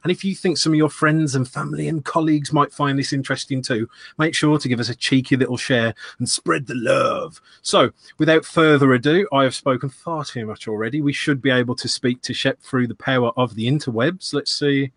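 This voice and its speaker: A man's voice: mid-range voice, fairly even intonation, a little fast, few pauses, a bit bright, no echo. A British man hosts a live-streamed show, his delivery upbeat and playful. His voice sits in a middle register and sounds dry and close to the mic.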